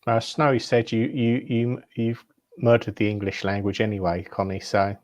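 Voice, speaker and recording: A man's voice: lowish voice, level tone, moderate pace, a little mellow, no room sound, lo-fi sound. A middle-aged man in a casual group chat who answers with short murmurs and tells easygoing anecdotes. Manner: laid-back, short murmured replies.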